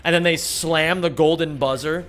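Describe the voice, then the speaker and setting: A man's voice: on the high side, fairly even intonation, normal speed, a bit bright. A young man streaming, telling rambling, profane jokes in casual chat and answering chat. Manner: rambling, profane, jokey storytelling with put-on voices. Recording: faint music behind.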